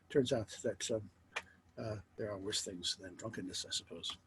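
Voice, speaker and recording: A middle-aged man teaching a philosophy lecture in a wry, lively way, asking rhetorical questions. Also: on the low side, moderate pace, a little hiss or hum, poor audio.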